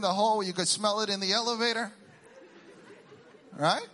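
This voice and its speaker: A middle-aged man from Puerto Rico doing a stand-up routine, teasing the crowd with quick questions and Spanish exclamations. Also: high-pitched, bright, forceful tone, faint music behind. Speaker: stand-up comedian.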